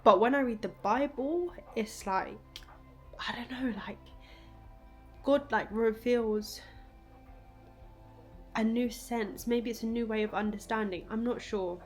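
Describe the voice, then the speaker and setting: A young woman chatting casually in a home vlog, animated and emotional, full of fillers. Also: a little high, takes it slowly, pauses often, faint music behind. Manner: animated, emotional, lots of fillers like "like" and "I don't know". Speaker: vlogger. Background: washing machine running.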